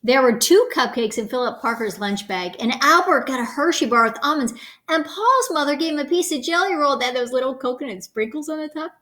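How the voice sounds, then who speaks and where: A woman reading a children's picture book aloud, expressive and playful, stopping to comment on the pictures. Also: high-pitched, fairly quick. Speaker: storybook reader.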